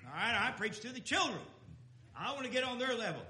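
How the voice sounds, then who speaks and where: A man preaching a sermon in a folksy, emphatic way, swinging between loud declarations and quiet asides. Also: extremely high pitch, very animated, a little fast. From Texas.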